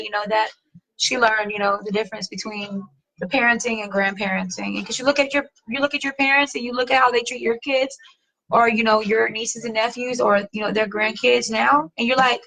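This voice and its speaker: A middle-aged woman hosting a casual chat, reading viewer comments, slangy and animated, swearing casually and laughing often. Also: a little high, poor audio. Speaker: host.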